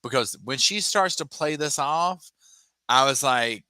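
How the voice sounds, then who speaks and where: A man's voice: mid-range voice, unhurried, smooth, no echo. A man hosting a true crime livestream, chatting casually, reading viewer comments aloud and acting out the people he talks about in exaggerated voices. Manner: animated, sassy, mimics people in exaggerated voices; reads viewer chat aloud and thanks supporters.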